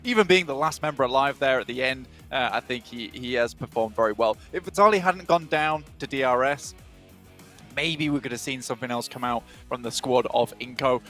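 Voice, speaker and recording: Relaxed esports caster man. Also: mid-range voice, a little fast, soft background music. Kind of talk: live esports commentary.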